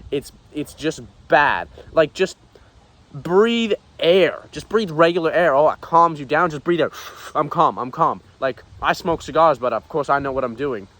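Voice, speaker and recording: A man's voice: medium pitch, a little fast, few pauses, pushed and bright. A man playing an arrogant macho male influencer in an amateur comedy skit, ranting bluntly and boastfully. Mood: worked up.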